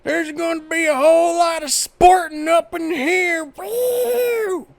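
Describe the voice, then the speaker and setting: A man voicing an excitable young male small-town jock who hollers and whoops. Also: very high voice, slow pace, gravelly, no echo, voice pushed up, full character voice. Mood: hyped.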